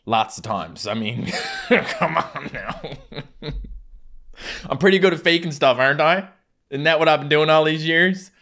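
A man in his twenties from Newfoundland, Canada, answers fan questions on his channel in a casual Q&A chat, rambling and joking with local turns of phrase. His Newfoundland-accented voice sits on the high side and is a bit bright, with lively intonation, a slightly slow pace, and long pauses.

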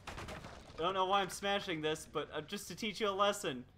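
A man with a fairly high, forceful voice commentates his game live, teasing and taunting the other players as he goes. Faint background hum sits under him. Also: moderate pace. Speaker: streamer.

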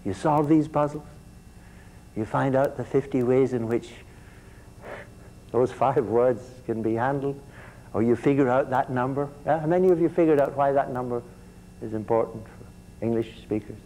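A man delivers a university lecture in a mellow, dark, medium-pitched voice at a moderate pace with long pauses. He frequently stumbles and repeats words as he restarts, and keeps quizzing the students with questions. The audio is poor, with a faint hiss underneath.

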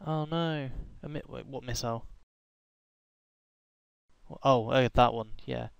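A man's voice: mid-range voice, a little slow, vocal fry, smooth, no room sound, low-quality recording. A young man giving rambling, joking commentary while playing a game, with random outbursts and hummed tunes. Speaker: gaming YouTuber. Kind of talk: casual gameplay commentary.

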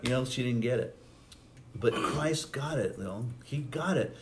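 A man's voice: medium pitch, expressive, normal speed, a loud crowd. A man preaching a sermon as pastor, acting out quoted lines with a lifted voice. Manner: preaching, acts out quotes with rising voice.

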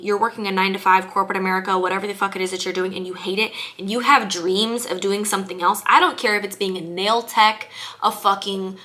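A woman's voice: mid-range voice, sharp tone. A young woman giving a blunt, emphatic motivational rant to her viewers, swearing often and hammering points with repetition. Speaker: vlogger. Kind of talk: ranting motivational monologue to camera.

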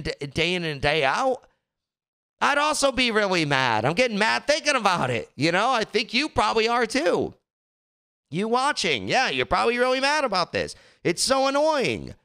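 A man hosting a casual commentary chat, ranting with exasperation and tripping over repeated words. His voice is higher than usual for a man and clear, with a bright, sharp edge. His pitch leaps around animatedly as he works himself up. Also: sing-song, normal speed.

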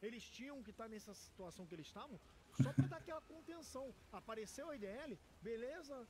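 High-voiced man talking fast in a clip. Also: very animated, warm tone, husky.

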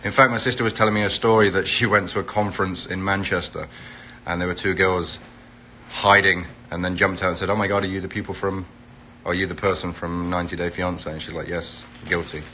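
A reality TV personality, this middle-aged man from England hosts a casual phone live stream, naming viewers' locations as he greets them and promoting an event. His low, sharp-toned voice has little pitch movement and moves fairly quickly, with slight background noise.

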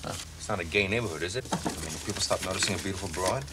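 Brash sardonic American cop, played by an actor, low voice, noisy old TV sound. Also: male voice, rapid-fire, close to an everyday voice. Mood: casual. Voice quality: sardonic, blunt. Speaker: police detective. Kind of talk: 1980s TV crime drama acting.

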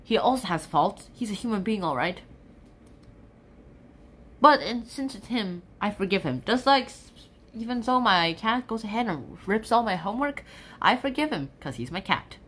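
A woman casually explaining a poem in an animated, chatty way, with stumbles and restarts. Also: medium pitch, normal speed, breathy edge. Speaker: sonnet explainer. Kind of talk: casual explanation mixed with poetry recitation.

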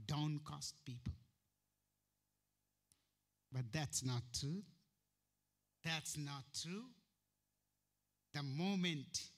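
A man with an Indian English accent preaching a sermon as pastor, firing rhetorical questions and jumping sharply in pitch and volume. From Uttarakhand, India. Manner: sudden sharp jumps in pitch and loudness.

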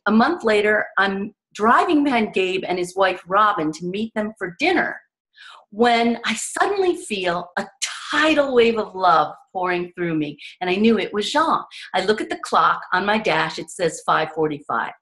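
A woman author is the guest on an interview and tells her stories with a lot of drive. She speaks earnestly and with emphasis, and she acts out the voices of the people she describes. Her voice sits at an ordinary middle pitch. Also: expressive, moderate pace, fairly bright tone. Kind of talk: animated personal storytelling.

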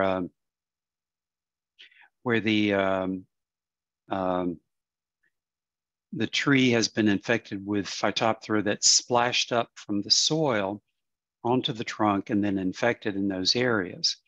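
A man presenting on plant diseases in a webinar, explaining in a halting way with many fillers and some throat clearing. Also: lowish voice, a bit bright, no echo, lo-fi sound.

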